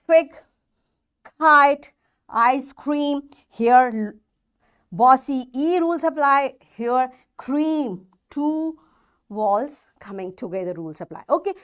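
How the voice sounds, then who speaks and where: Slow patient teacher woman, lively high voice. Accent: Pakistani English. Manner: slow, patient, repeats example words and checks understanding. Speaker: English teacher. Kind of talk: recorded phonics lesson for children.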